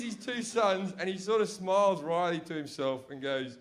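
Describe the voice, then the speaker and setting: A young man's voice sits high as he does stand-up at a normal speed with few pauses. Performing for a live comedy-club audience, he tells a profane, animated story and voices his family members.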